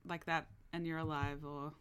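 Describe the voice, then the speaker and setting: A woman's voice: deep voice, little pitch movement, moderate pace, fairly bright tone, slight background noise. A woman co-hosting a podcast in casual chat, talking with many fillers and laughing often. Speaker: podcast co-host.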